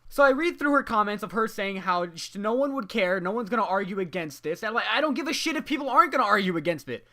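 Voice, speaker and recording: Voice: mid-range voice, animated, fast talker, pushed and bright. A young adult student ranting to the camera in a vlog, exasperated and profane, with constant "you know" fillers. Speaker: student venting about a graded paper.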